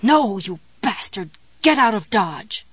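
A woman's voice: fairly low pitch, little pitch movement, moderate pace, no echo, natural voice. A woman voicing a desperate, trapped woman who mutters and moans defiantly through clenched teeth.

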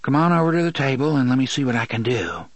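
Weary, earthy woman, male narrator lifting his voice; low-key and dry. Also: very animated, fast, no echo. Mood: matter-of-fact. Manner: raised soft voice, matter-of-fact.

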